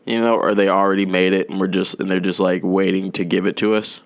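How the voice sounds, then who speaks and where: Rambling profane man, low voice. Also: flat delivery, fast, vocal fry, no echo. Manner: rambling, profane, darkly joking, drawn out. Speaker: podcast host. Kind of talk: casual rambling monologue.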